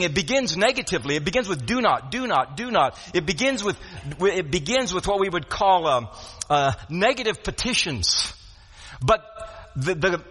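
High bright preaching man in a reverberant hall. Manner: earnest preaching with frequent restarts and repeated words. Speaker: pastor. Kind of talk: sermon.

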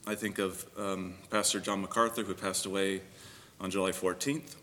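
A man's voice: low-pitched, steady tone, normal speed, a bit bright. A man pastor giving a sermon, praying and then preaching earnestly with frequent fillers. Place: church sanctuary. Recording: long reverb of a church hall.

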